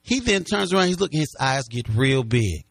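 A man of middle pitch recounts a personal story in an interview. He tells it vividly and acts out the lines of the people in it. The recording is dry and close, with no room echo. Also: big pitch swings, moderate pace, vocal fry, fairly bright tone. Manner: vivid storyteller who acts out what others said.

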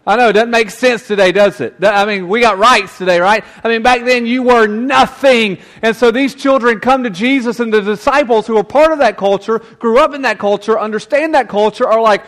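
A man delivers a sermon in a high voice, chatty and emphatic by turns. He drops into folksy asides and talks straight to his listeners. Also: a little fast, hardly any pauses, fairly bright tone.

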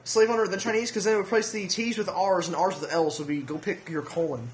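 Young man, high voice, podcast co-host, teasing, casual chat. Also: steady tone, reverberant, slight background noise. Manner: teasing, quick to laugh.

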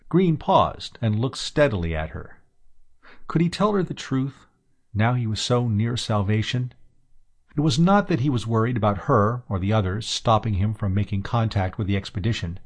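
A man narrating a science fiction audiobook in a steady, even reading voice. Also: on the low side, normal speed. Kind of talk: scripted narration.

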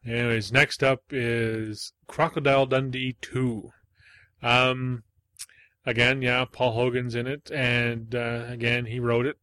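A man co-hosting a casual movie-review chat, telling scenes with quick asides and loose swearing. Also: medium pitch, level tone, fairly bright tone, no echo. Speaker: podcast co-host.

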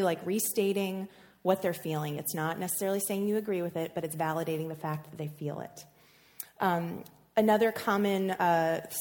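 A woman's voice: on the low side, darkish tone. Chatty woman teaching a marriage class. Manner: casual, chatty with frequent fillers. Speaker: workshop presenter.

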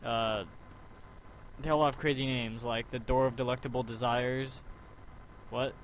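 A man's voice: mid-range voice, fairly even intonation, measured pace, slight background noise. A man hosting a podcast, chatting casually and rambling animatedly about a book. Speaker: podcast host. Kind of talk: casual chat.

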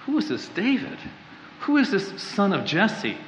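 A preacher putting on a scornful, arrogant rich sheep owner with a mock New York accent. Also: male voice, very high-pitched, expressive, brisk, a bit bright, a little hiss or hum, pitched above the performer's own voice. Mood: indignant. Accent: New York put on. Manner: scornful, mocking. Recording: echoey hall, slightly dull.

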